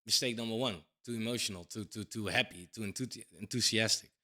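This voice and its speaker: A lowish, bright, forceful voice drives this fast crypto commentary from a man in his thirties. It's a casual talking-head monologue: blunt, emphatic, casually profane, with "right?" punctuating his points.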